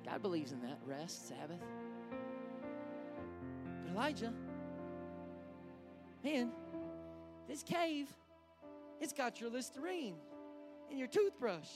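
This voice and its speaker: A preacher delivering a fervent sermon, pressing points home through repetition and talking straight to the people watching online. The voice sits at a middling pitch, and music plays clearly underneath. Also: sing-song, slow pace, long pauses. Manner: impassioned, preaching with rising intensity and repetition; speaks to a congregation watching online. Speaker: pastor.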